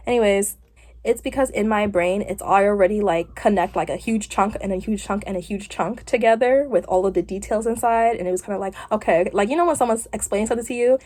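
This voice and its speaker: A woman's voice: mid-range voice, darkish tone. A young woman vlogging casually while getting her hair done, talking in a rambling way with lots of fillers. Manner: rambling, chatty, with frequent fillers. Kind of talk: casual chat.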